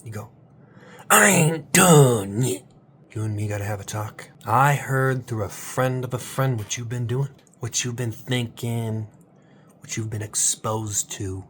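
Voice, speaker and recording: A man hosting a late-night comedic monologue. He rambles in a mock-motivational, absurd way and swings between hushed whispers and loud, drawn-out exclamations. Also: fairly low pitch, steady tone, slight background noise. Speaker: channel host.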